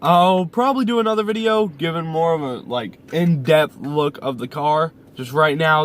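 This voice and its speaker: A young man with a somewhat high voice talks to his viewers from inside his parked car. He rambles in a loose, casual vlog style, full of fillers and repeated lines. The sound is picked up by a camera sitting on the dashboard. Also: normal speed, hardly any pauses, a little hiss or hum. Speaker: YouTuber. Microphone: camera mounted on the dash.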